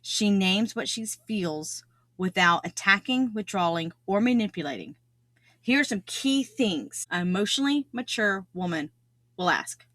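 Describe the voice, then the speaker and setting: A woman's voice: medium pitch, lively intonation, a little slow, fairly bright tone, dry recording. Earnest woman podcast host, dry sound. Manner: earnest, repeats key phrases for emphasis. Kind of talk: solo podcast talk on self-improvement.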